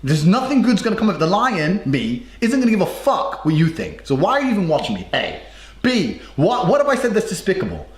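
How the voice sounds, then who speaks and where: A man's voice: high voice, huge pitch swings, fairly quick. A man delivering a cocky, mocking, profane monologue. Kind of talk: boastful monologue. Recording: roomy space with music behind.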